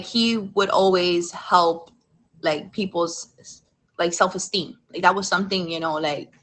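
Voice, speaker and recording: A woman's voice: fairly low pitch, low-quality recording. A young adult woman, a podcast guest, telling a rambling personal story in a casual way with lots of "like" and some cursing. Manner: rambling, animated, with frequent "like" and cursing.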